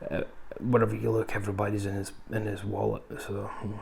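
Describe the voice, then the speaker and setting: A man's voice: on the low side, monotone, fairly quick, vocal fry, darkish tone, slight background noise. A man reviewing films in a casual, rambling way, full of ums and asides. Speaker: film reviewer. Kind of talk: casual film review chat.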